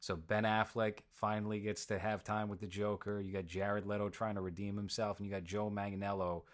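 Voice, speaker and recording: A man's voice: fairly low pitch, level tone, a little fast. A man hosting a casual movie review chat, opinionated and given to sarcastic asides. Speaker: podcast host.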